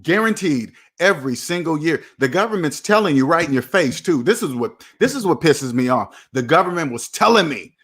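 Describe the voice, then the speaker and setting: Man, 40s, slightly high voice, repetitive motivational finance monologue, preachy. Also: expressive, brisk, hardly any pauses, fairly bright tone, husky. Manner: preachy, repeats himself, talks to himself by name. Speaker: personal finance video host.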